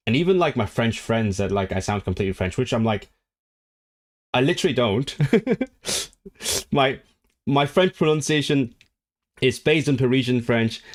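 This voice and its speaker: A man from Hong Kong hosting a language livestream, reading viewer comments aloud and rambling through his replies with many restarts. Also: mid-range voice. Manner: rambling, self-correcting, reads viewer comments aloud and responds animatedly.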